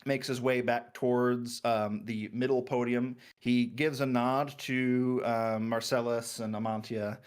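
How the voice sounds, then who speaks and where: A man narrating a tabletop game as game master, relaxed and laughing, with many fillers. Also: mid-range voice, unhurried, few pauses, clean tone.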